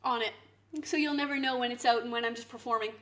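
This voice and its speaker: A woman streamer chatting casually to her viewers, swinging into loud mock outrage and swearing. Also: a little high, steady tone, quick pace. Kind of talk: casual live-stream chat. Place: home kitchen.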